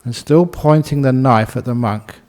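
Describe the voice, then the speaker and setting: A man who is a Buddhist monk giving a relaxed, humorous dharma talk and telling a story, often laughing. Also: medium pitch, moderate pace.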